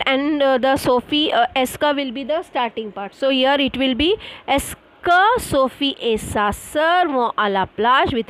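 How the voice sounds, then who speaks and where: High-voiced woman teaching French. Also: a bit bright, rough recording. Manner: explains slowly with frequent fillers, spells words out letter by letter. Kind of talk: online classroom lesson.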